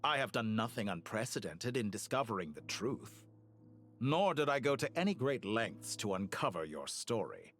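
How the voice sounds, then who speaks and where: An actor playing a cruel, calculating male villain in a video game, talking in a cold, condescending, smoothly menacing way. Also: on the low side, very animated, moderate pace, a bit bright, faint music behind.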